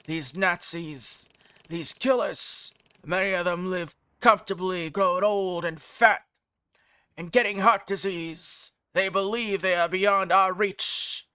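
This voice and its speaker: A game streamer voicing a secretive older male caller who speaks slowly and gravely with a wavering put-on accent. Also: steady tone, dry recording. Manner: slow, low, hushed delivery with a wavering put-on accent.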